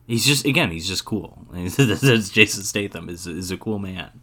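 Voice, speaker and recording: A man's voice: deep voice, moderate pace. A man co-hosting a podcast, chatting casually and with energy as he walks through a film's plot. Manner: animated, chatty, spells out plot details. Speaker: podcast co-host. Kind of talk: casual movie-review chat.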